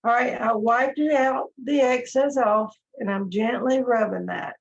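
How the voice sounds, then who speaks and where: Slow gentle woman teaching painting. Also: fairly high pitch, vocal fry. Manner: slow, gentle step-by-step instruction. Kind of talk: live online painting lesson. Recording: dull lo-fi stream audio.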